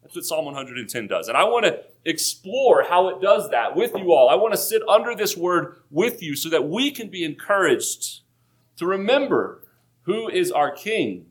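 A male pastor delivering a sermon in a slightly high voice. He walks through the text point by point, slowing down for emphasis, with touches of dry humor. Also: very animated.

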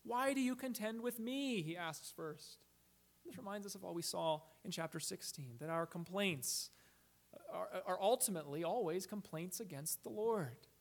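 Male preacher, high voice, measured and deliberate, rhetorical questions, stretched-out words for emphasis. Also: creaky. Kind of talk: expository sermon.

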